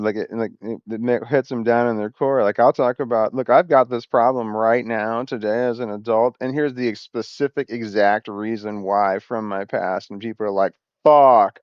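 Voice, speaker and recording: A man's voice: medium pitch, clean tone, no room sound, highs cut off. A man talking to camera in a rambling personal vlog, often losing his thread and swearing a lot. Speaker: vlogger.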